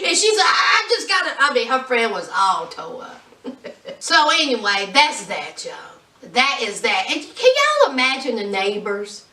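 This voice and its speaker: A woman recapping a reality show in a sassy, animated casual chat, acting out the people she quotes. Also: a little high, measured pace, distant mic. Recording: echoey room, voice a bit off-mic.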